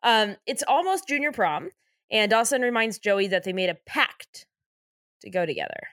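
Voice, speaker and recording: A woman's voice: mid-range voice, lively intonation, moderate pace, a bit bright, no room sound, studio quality. A woman co-hosting a podcast who reads out episode facts in casual chat and giggles often. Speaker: podcast co-host.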